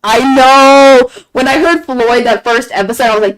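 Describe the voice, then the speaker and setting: Woman streamer, casual stream chatter, gushing and repetitive, voice sits a bit high. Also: normal speed, poor audio. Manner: excited gushing fan talk, frequent laughs and repeated phrases. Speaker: game streamer. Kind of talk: casual chat on a live stream.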